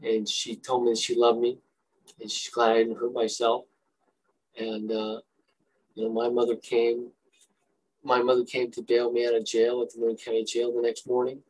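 A man's voice: medium pitch, monotone, normal speed, long pauses, darkish tone, husky, poor audio. A man in his fifties or older, a recovering alcoholic, earnestly telling his own story of recovery in a talk. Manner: earnest, confessional, emotional storytelling.

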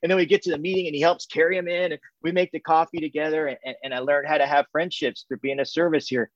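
A man's voice: on the high side, little pitch movement, quick pace, no room sound, highs cut off. A man telling his recovery story in a loose, chatty way, piling up "and, and" and sprinkling in "man" and "dude", with self-mocking humor. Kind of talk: personal testimony told as casual storytelling.

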